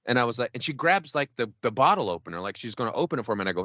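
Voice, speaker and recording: A podcast co-host with a medium-pitched voice races along, hardly pausing, in a recording with no echo. He's animated and profane, telling a rambling story in casual chat and acting out his own quotes.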